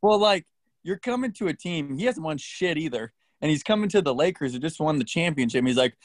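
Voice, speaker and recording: A man's voice: on the high side, animated, fairly quick, no echo. Blunt ranting man, dry close sound. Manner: blunt, ranting hot takes with heavy swearing. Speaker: podcast co-host. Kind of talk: casual sports podcast banter.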